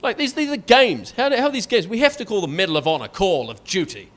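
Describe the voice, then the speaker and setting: A Scottish man performing stand-up comedy, sarcastic and animated, often tagging his lines with "right?". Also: sits high, quick pace. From Scotland.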